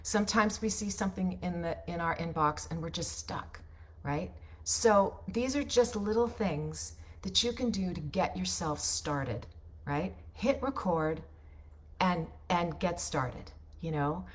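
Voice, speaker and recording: A woman voiceover coach teaching in a casual, chatty way, often ending points with a quick "right?". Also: lowish voice. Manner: chatty, ends points with tag questions; loose, unpolished delivery with restarts.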